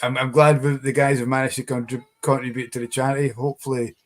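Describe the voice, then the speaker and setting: A man co-hosts a relaxed live chat. His pitch is middling, and he tells stories in a meandering way, with plenty of pauses and restarts. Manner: rambling, with many fillers and restarts. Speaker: co-host, tour guide. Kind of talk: casual storytelling in live chat.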